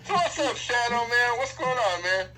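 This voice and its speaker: Bright-voiced older man telling stories. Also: extremely high pitch, expressive, moderate pace, low-quality recording. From Seattle. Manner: reflective storyteller, laughs easily. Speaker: radio DJ guest. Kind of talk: casual radio interview.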